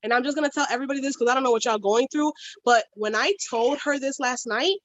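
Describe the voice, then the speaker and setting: Woman, high voice, blunt, slangy, animated storyteller, casual chat. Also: fast talker. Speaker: podcast co-host.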